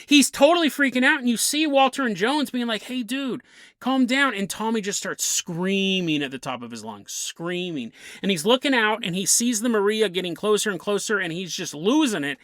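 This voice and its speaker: A man with a bright, forward voice recounts a weird sea story for his podcast, casual and amused, often breaking into a chuckle. The sound is dry and close, with no room around it. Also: high-pitched, animated, fairly quick, hardly any pauses, no room sound. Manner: chatty and amused, chuckling through the tale. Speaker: podcast host.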